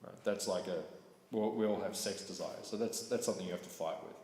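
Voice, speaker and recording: A man teaching a scripture class in a relaxed, conversational way, often checking in with his listeners. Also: sits low, fast talker. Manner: conversational, keeps asking "right?". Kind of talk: casual scripture class talk. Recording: echoey hall with faint noise.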